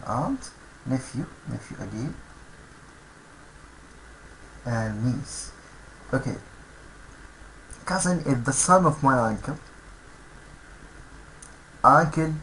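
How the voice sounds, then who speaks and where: Slow man teaching English words. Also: mid-range voice, bright, forceful tone, a little hiss or hum, poor audio. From Egypt. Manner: slow, repeats each word aloud for learners. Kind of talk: vocabulary lesson for schoolchildren.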